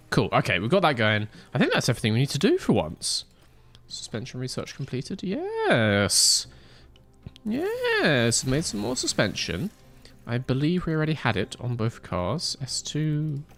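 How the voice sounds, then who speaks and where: Animated joking male game streamer. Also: mid-range voice, fairly quick, gravelly. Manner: animated, joking banter, mock outrage. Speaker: streamer playing a racing management game. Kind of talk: casual live-stream chat.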